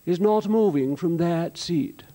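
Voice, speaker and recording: A man's voice: fairly high pitch, unhurried, mellow. A man voicing a stubborn, haughty older woman in a joke, speaking firmly and in a clipped way. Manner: firm, clipped, immovable.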